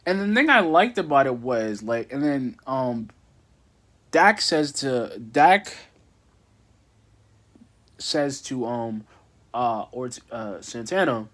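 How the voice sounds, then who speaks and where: A man's voice: medium pitch, big pitch swings, takes it slowly, pauses often, fairly bright tone. A young man casually recapping a wrestling show, rambling with many fillers and restarts.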